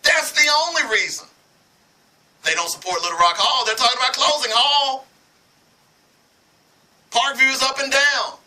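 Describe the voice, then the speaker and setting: A man's voice: very high-pitched, normal speed, pauses often, pushed and bright, rough recording. A man from Arkansas giving impassioned sports commentary, heated and preachy, hammering points with repetition.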